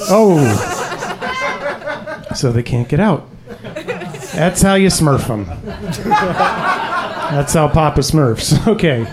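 A man's voice: a little high, lively intonation, takes it slowly, long pauses, a crowd in the background. Rambling young comic man on stage. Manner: conversational, rambling, swearing. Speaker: stand-up comic. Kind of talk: stand-up comedy set. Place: comedy club stage.

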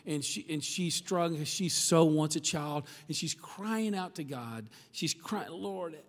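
A man's voice: fairly high pitch, measured pace. A man preaching a sermon in a chatty, conversational way, often checking in with the listeners. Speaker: pastor. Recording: long hall reverb.

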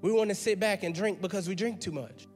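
Speaking briskly in a high pitch, this pastor gives a forceful, conversational sermon, echoing his own words as the argument grows. The setting is a church sanctuary with faint music behind and a long, hall-like reverb.

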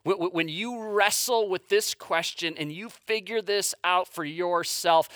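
Male pastor, sermon delivery, bright edgy voice, stumbles over repeated words, dry close sound. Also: high-pitched, measured pace, hardly any pauses, no echo. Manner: stammering word repeats, swings from hushed to intense.

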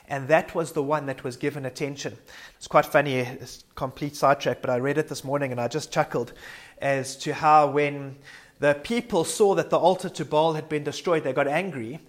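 With fairly even intonation and a moderate pace, a man preaches a sermon full of earnest conviction. His voice is somewhat higher than average for a man, and he reflects aloud, occasionally tripping on a word and starting it over.

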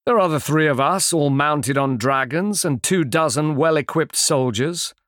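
A man's voice: a little high, a little slow, a bit bright, dry recording, clean studio sound, pitched above the performer's own voice. A man voicing a proud, stern male noble who rides a dragon, speaking formally and commandingly in an audiobook. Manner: commanding, formal, speaks of himself in third person. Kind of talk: audiobook character voice.

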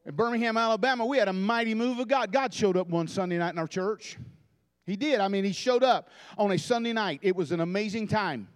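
A man's voice: sits high, fairly quick. A man, preaching a fervent sermon as a guest preacher in a church. He repeats phrases and stammers through restarts as he builds his points. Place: church sanctuary.

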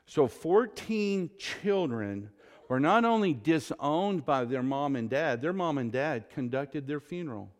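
A man preaching a sermon as pastor, telling stories with emphatic, drawn-out stresses and saying "y'all". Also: medium pitch, big-room sound. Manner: Southern "y'all".

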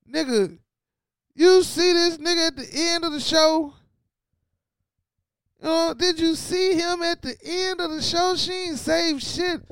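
High-voiced man giving a slow, slangy TV recap. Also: no room sound, studio quality. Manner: loose, slangy and animated, talks to viewers directly. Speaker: show host. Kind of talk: casual TV recap commentary.

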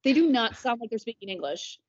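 A woman in her thirties with a fairly high voice talks casually as a podcast guest. She rambles warmly through her points and fills them with "like". The audio is a little dull and lo-fi. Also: very animated, a little fast. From United States. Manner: chatty, many "like" fillers. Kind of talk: casual conversation.

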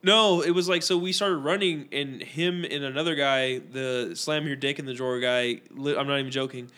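A man's voice: mid-range voice, fairly even intonation, normal speed, pushed and bright. A young man co-hosting a podcast, rambling through casual stories and acting out what other people said. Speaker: podcast co-host. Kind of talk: casual storytelling chat.

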